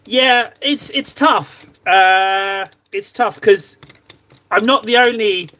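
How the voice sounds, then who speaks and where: High-voiced, chatty English man. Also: slow pace, sharp tone, no echo. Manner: chatty, self-deprecating. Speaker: streamer chatting with viewers while painting miniatures. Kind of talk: casual chat.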